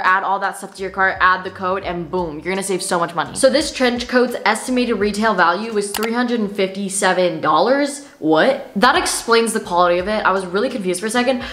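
A woman's voice: medium pitch, brisk, hardly any pauses, fairly bright tone. Young female vlogger, bubbly and slangy, recorded in an echoey room at home. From Canada. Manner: bubbly, slangy, lots of "like" and "literally". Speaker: fashion vlogger. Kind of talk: sponsored try-on haul chat. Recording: echoey room, faint noise.

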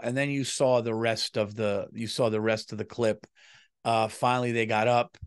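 A middle-aged male comedian at a medium pitch, talking straight to his listeners. He rambles through an anecdote, curses often and doubles back mid-sentence in a loose, chatty way. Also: flat delivery, normal speed, smooth. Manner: profane, rambling, restarts sentences. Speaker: comedian and podcast host. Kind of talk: casual storytelling monologue.

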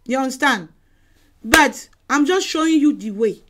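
Woman evangelist, sermon, very high voice, sweeping pitch, emphatic repetition, online call. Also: lively intonation, a little slow, background noise. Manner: emphatic, repeats phrases, exhorting.

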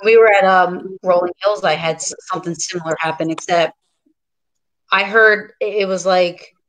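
A woman hosting a casual paranormal podcast chat, telling her ghost stories excitedly and saying "like" a lot. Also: lowish voice, normal speed, low-quality recording. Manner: excited storyteller, says "like" a lot. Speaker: podcast host.

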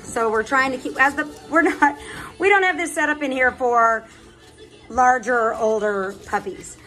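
High-pitched woman breeder, chatty, trips over her words, coos at puppies. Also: unhurried, sharp tone, soft background music, poor audio. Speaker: dog breeder. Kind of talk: casual vlog chat. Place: indoor puppy pen.

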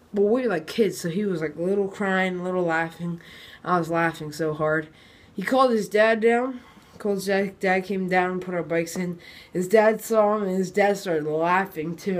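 A teenage boy from New Jersey telling a story in a casual vlog, rambling and excitable with lots of fillers and restarts. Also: high-pitched. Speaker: vlogger.

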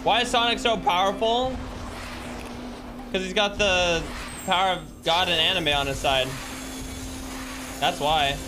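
Over background noise and game music, a young man streams himself playing a video game, his high voice moving at a measured pace with frequent pauses. He cracks jokes, comments casually, and says hello to viewers by name.

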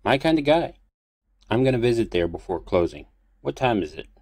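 A man's voice: medium pitch, big pitch swings, a little fast, darkish tone, dry recording, studio quality, pitched above the performer's own voice. A man reading an audiobook, voicing an impulsive young man who curses under his breath. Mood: wry. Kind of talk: audiobook character voice.

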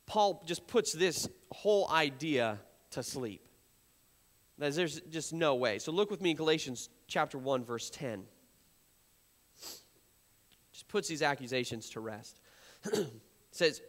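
A male pastor preaching a sermon, lively, acting out quoted accusers in a raised voice. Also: mid-range voice, measured pace, pauses often, in a large hall. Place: church sanctuary.

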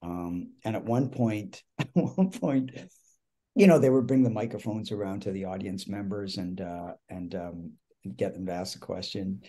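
A man hosting a casual chat, telling a lively backstage anecdote with frequent restarts and bits of acted-out dialogue. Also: deep voice, normal speed. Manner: animated storytelling with frequent restarts and quoted dialogue. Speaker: host and actor.

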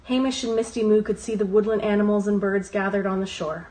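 A woman reading a children's storybook aloud in a calm, soft way. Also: medium pitch, a little fast, rough recording.

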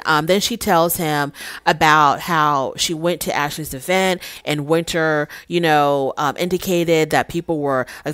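A woman with a fairly low voice recaps a reality show episode in a casual, outspoken way. She retells scenes with lively emphasis and acts out the quotes. The sound is dry and close, with no room echo. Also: clear, resonant tone. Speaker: reality TV reviewer. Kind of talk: casual commentary review.

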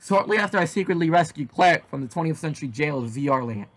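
Husky man reading a fan story. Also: on the high side, quick pace. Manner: animated, with shouted outbursts. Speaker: reader.

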